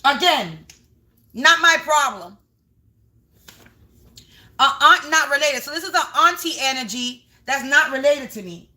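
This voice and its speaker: A woman's voice: high voice, expressive, a little slow, long pauses, pushed and bright. A woman doing a casual spiritual reading on a livestream from home, emphatic and repetitive, talking straight to her viewers.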